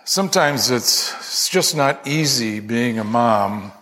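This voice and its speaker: A man's voice: mid-range voice, lively intonation, takes it slowly, sharp tone, slight background noise. A male pastor delivering a Sunday sermon, conversational and lightly humorous, reading aloud from Scripture. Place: church sanctuary. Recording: long reverb of a church hall.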